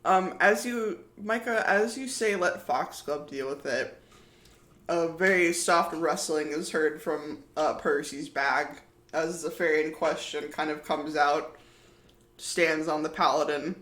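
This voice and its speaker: Male game master, high bright voice, loose rambling narration, echoey room. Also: fairly even intonation, measured pace. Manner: rambling, filler-heavy narration.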